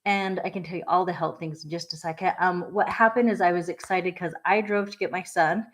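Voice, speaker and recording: Rambling, candid woman vlogging, slightly low. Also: fairly even intonation, fairly quick. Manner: rambling and candid, with frequent soft laughs and fillers. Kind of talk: candid casual vlog talk.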